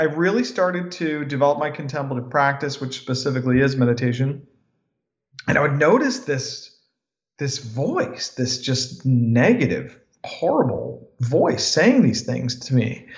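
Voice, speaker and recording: A man in his forties, a podcast guest speaking in a calm and reflective way. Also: medium pitch. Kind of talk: podcast interview. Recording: roomy, dull lo-fi sound.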